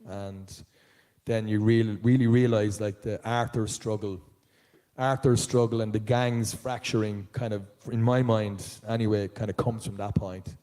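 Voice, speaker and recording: An Irish man, a voice actor answering fan questions at a live convention panel, telling stories in an animated way. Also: lowish voice, moderate pace. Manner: animated storyteller, jumps into voices of others. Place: large auditorium, live.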